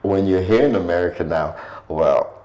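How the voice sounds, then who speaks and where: Deep-voiced Kenyan-born man telling stories. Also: a little slow, dull audio. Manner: animated storyteller who acts out quoted voices. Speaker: guest poet and author. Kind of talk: conversational interview storytelling.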